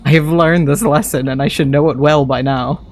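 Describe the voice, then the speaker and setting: A man's voice: on the high side, fairly even intonation, moderate pace, a little hiss or hum. A man streaming a modded game, chatting casually and thinking aloud to himself as he plays. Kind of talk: casual gameplay commentary.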